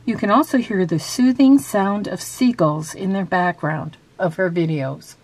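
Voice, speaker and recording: A woman's voice: lowish voice, unhurried, darkish tone. A woman chatting casually about her handmade journal, with frequent ums and restarts, then reading out quiz questions. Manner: reads quiz questions aloud. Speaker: craft vlogger. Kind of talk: casual show-and-tell and quiz.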